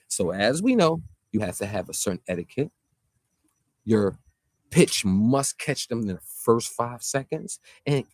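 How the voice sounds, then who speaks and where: Male vlogger, mid-pitch, lively swinging delivery, rambling street-slang rant. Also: no room sound. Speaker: vlogger reacting to a track. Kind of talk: casual rant to camera.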